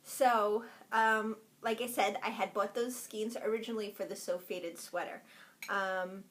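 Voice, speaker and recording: A woman's voice: mid-range voice, fairly even intonation, a little slow, a bit bright. A woman co-hosting a podcast who chats casually, mostly with short, supportive remarks and frequent giggles. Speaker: podcast co-host. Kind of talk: casual chat.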